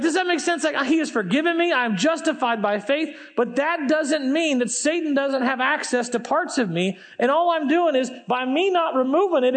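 A pastor in his forties with an extremely high-pitched voice preaches a sermon on stage in a church. He reads scripture aloud and throws in emphatic, conversational asides.

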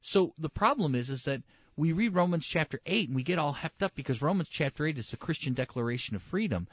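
Male pastor, sermon, mid-pitched voice, dry close sound, dull lo-fi recording, dramatic loud and soft swings. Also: no room sound. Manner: dramatic swings between loud emphasis and soft hushed asides; acts out quoted voices and inner dialogue.

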